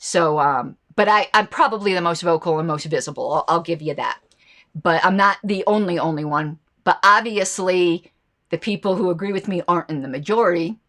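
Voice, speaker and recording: A woman's voice: on the low side, fairly quick, fairly bright tone. A woman hosting a political commentary show, talking casually and reacting to viewer comments and ads. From United States.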